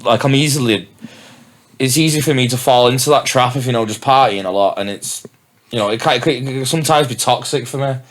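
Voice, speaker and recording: A man's voice: medium pitch, fairly quick. A young man, a DJ and MC guest on a podcast, talking candidly and swearing in casual chat. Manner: candid, sweary, laid-back.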